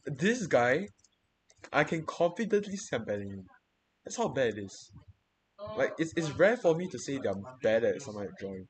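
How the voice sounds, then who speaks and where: A man's voice: mid-range voice, very animated, normal speed, a little hiss or hum. A young man venting in casual chat, swearing freely and rambling through many restarts and repeated words.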